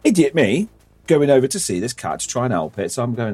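A man's voice: mid-range voice, big pitch swings, brisk, a little mellow, slightly rough, soft background music. A man hosting a casual podcast, rambling through stories, swearing freely and laughing often. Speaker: podcast host.

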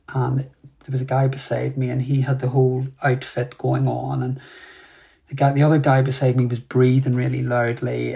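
A man, a podcast guest, telling a candid personal story in an animated, self-mocking way and laughing as he goes. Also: medium pitch, gravelly.

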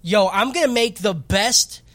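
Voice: medium pitch, unhurried. A podcast co-host in casual chat, joking and laughing often while recapping an anime. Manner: lively, joking, frequent laughter.

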